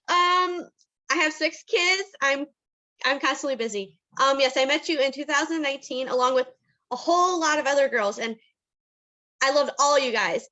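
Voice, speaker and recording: A woman in her forties shares her story over a video call, nervous and emotional, with laughs slipping between phrases. Her voice is high and bright. The call audio comes through slightly dull. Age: 40s. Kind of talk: personal testimony on a video call.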